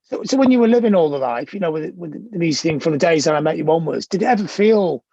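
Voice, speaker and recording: A man in his sixties interviewing a guest in a loose, halting way, often restarting his questions. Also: a little high, expressive, warm tone, no room sound, muffled recording. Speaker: interviewer, music journalist.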